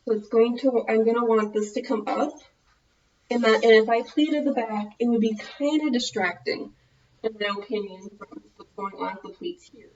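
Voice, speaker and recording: A woman's voice: a little high, moderate pace, darkish tone, muffled recording. A woman with a Minnesotan American accent, chatting casually through a clothing tutorial, rambling and correcting herself as she goes. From United States. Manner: rambling, loses her thread, self-correcting. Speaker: vlogger.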